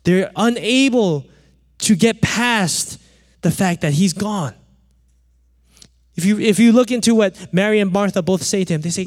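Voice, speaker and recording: A man's voice: high voice, unhurried, pauses often, big-room sound. A man preaching a sermon, explaining scripture in a conversational way and often checking in with "right?". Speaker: pastor.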